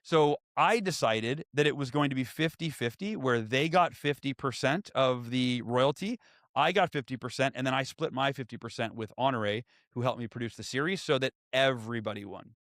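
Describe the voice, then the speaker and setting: A man in his forties telling stories as a podcast guest and author, lively and acting out what others said. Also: mid-range voice, moderate pace, dry recording, studio quality. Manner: animated, acts out quoted voices. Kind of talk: storytelling in conversation.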